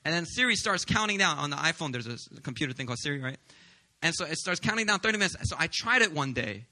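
Bright high-voiced joking pastor man. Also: fast. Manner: lively, joking storyteller. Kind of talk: sermon. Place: church service.

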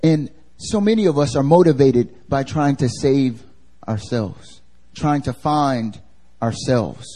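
A man's voice: mid-range voice, takes it slowly, mellow. Casual, slangy man preaching a sermon. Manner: casual and slangy, asks the congregation questions. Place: church service.

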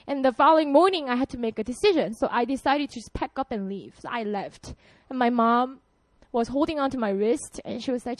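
A young woman from South Korea, giving an animated personal testimony and laughing often. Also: fairly high pitch, brisk, no room sound.

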